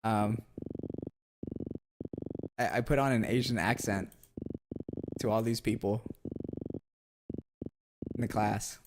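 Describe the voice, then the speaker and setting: A man's voice: on the low side, fairly even intonation, takes it slowly, pauses often, background noise. A young man streaming and chatting casually, rambling and self-mocking with lots of fillers. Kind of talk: casual live-stream chat.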